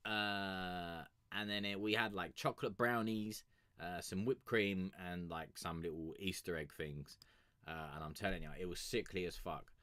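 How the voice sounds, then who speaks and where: A man's voice: low voice, steady tone, normal speed, fairly bright tone, no echo. A man chatting casually and crudely with his live-stream audience, rambling and joking on a sugar rush. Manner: profane, rambling, joking banter with chat. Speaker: music review streamer.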